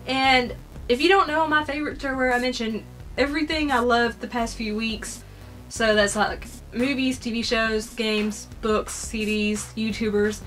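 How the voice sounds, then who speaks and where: A woman's voice: a little high, fairly even intonation, a little slow, fairly bright tone, faint music behind. A young woman with a Southern American accent, chatting casually and gushing as a vlogger. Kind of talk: casual chat.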